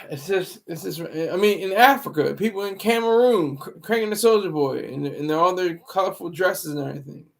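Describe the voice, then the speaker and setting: A man talks through a live stream in a rambling, moralizing way, stopping to restart words as he goes. His voice sits a little high with a gravelly fry underneath. It sounds like a home setup for a casual commentary stream. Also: animated, moderate pace. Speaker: livestream commentary host.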